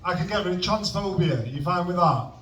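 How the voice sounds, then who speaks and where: A man's voice: high-pitched, animated, a little fast, noisy background. A young man doing a rambling, awkward, self-deprecating stand-up set at an open mic in a comedy club. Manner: self-deprecating, awkward, trailing off mid-joke. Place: comedy club stage with audience. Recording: roomy venue sound from a distant mic.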